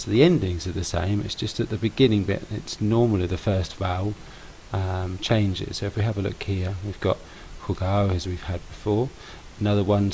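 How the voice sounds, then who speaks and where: A man explains grammar patiently to a class, leaning on key words and repeating them. His voice sits a little low and has a gravelly edge. A faint hiss runs under the recording. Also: a little mellow, low-quality recording. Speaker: language teacher.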